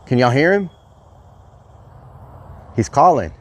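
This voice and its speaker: A man livestreaming outdoors, chatting excitably to his viewers and calling them y'all. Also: medium pitch, slow. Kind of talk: casual outdoor livestream chat. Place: outdoors at a rural property.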